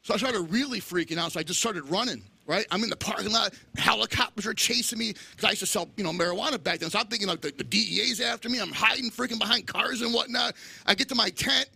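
A middle-aged man telling animated stories in casual chat, acting out the voices of people he quotes. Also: sits high, fast talker, gravelly, husky. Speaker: guest.

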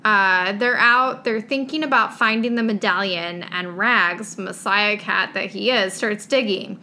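Bright-voiced woman, sarcastic book chat. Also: mid-range voice, measured pace, slight background noise. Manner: sarcastic, reads passages in mocking voices. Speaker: podcast co-host. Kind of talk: casual chat reviewing a book.

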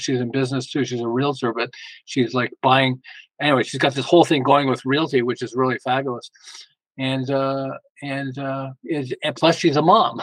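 In poor audio with no echo, an older man with a mid-range voice tells family stories as a podcast guest. The talk is casual interview storytelling, delivered animatedly, with acted-out family dialogue and frequent chuckles.

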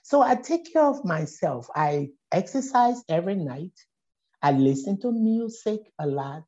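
A middle-aged woman with a Liberian accent tells a story in conversation, her low, mellow voice rising and falling with lively swings in pitch. The audio is dull and lo-fi. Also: a little slow. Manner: animated, acts out voices in her stories. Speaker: poet and scholar, guest.

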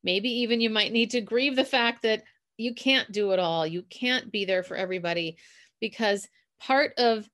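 A woman's voice: fairly high pitch, normal speed, a bit bright. A woman with a Minnesotan accent, hosting a chatty motivational talk for listeners and laughing at herself now and then. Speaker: podcast host.

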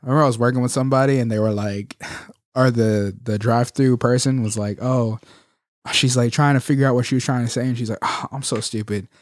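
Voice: mid-range voice, steady tone, quick pace, no room sound, studio quality. A barista in casual chat, telling stories with frequent laughter. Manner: laughing storyteller, acts out coworkers.

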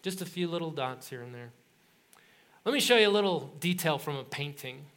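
Middle-aged male pastor, lively sermon storyteller, fairly high voice. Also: brisk. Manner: animated storytelling with laughs and acted quotes.

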